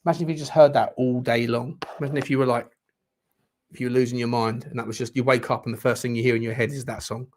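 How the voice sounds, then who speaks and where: Speaking quickly in a mid-range voice, a man reacts to a football match during a live watchalong he hosts. He swears excitedly throughout and shouts at the referee.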